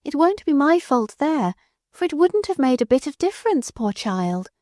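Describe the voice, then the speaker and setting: A woman voicing a meek little old lady who speaks gently, quavering through her tears, in an audiobook. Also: high-pitched, big pitch swings, normal speed, dry recording, clean studio sound, pitched above the performer's own voice. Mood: gentle. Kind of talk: audiobook character voice.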